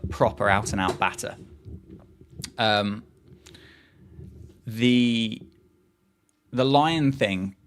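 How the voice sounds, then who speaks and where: A man, hosting a live cricket watchalong stream, chatting casually, reading out viewers' messages and reacting to the play. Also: medium pitch. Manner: chatty, reads chat aloud and reacts to play. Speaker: livestream host.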